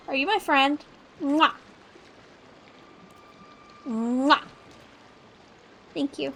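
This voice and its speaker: A woman's voice: high voice, extremely slow, creaky, pauses often, a bit bright, faint music behind. A young woman casually chatting and joking while playing a game on a live stream. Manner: chatty, playful, giggly asides.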